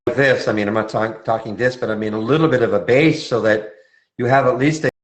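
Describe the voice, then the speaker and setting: He's a fast talker from Montreal, Canada, with a middle-pitched voice, casually hosting a live trading room. Viewer questions get relaxed, conversational answers, and he frequently restarts his sentences.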